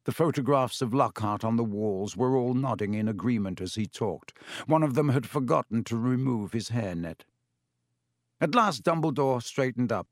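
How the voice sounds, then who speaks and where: A man narrating an audiobook with expressive, animated delivery on a close microphone. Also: mid-range voice, normal speed, dry recording. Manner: animated, varied character voices.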